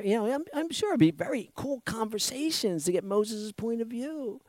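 A man with a high voice preaches a sermon with a lot of energy. He acts out the people he quotes and laughs often. The sound is dry and close. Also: expressive, moderate pace, few pauses, darkish tone, no echo. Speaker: pastor.

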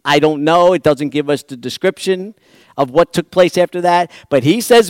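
A man preaching a sermon dramatically, swinging from loud exclamations to hushed, reflective passages. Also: on the high side, moderate pace, no room sound, studio quality.

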